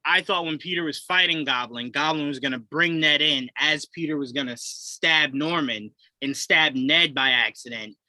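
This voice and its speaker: Bright, fairly high male co-host; lively, expressive, dry close-mic sound. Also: normal speed, few pauses, dry recording, low-quality recording. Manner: animated, acts out characters' lines with pitch jumps. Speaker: podcast co-host. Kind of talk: casual film review chat.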